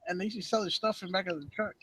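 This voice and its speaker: A man with a high voice chimes in with short, casual remarks. Faint noise sits under his voice. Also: steady tone, racing, a bit bright, rough recording. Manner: brief interjections. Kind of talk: casual chat.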